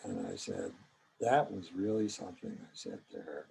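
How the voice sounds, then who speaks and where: Older male storyteller: gravelly, slightly husky, reflective and gentle. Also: sits low, huge pitch swings, normal speed, low-quality recording. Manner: reflective, gentle, with small hesitations. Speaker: psychologist recounting his training. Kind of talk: personal storytelling.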